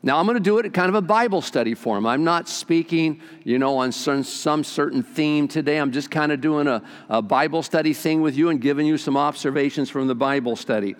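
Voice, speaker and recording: An older man preaching a sermon as pastor, folksy and animated as he tells stories to his congregation. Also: on the high side, brisk, few pauses, long reverb tail.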